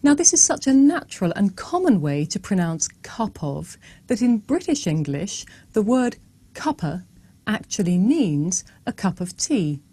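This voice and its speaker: Lively, warm-voiced woman teaching pronunciation. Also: mid-range voice, measured pace, slightly rough, dry recording. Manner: demonstrative, models words for repeating. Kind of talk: scripted teaching video.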